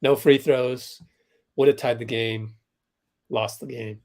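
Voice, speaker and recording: A man's voice: medium pitch, steady tone, slow, darkish tone. A man hosting a livestream, giving casual commentary on a basketball game and talking to chat viewers as plays happen. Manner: chatty, reacts to plays, talks to chat viewers. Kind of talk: casual live commentary for a watch-along stream.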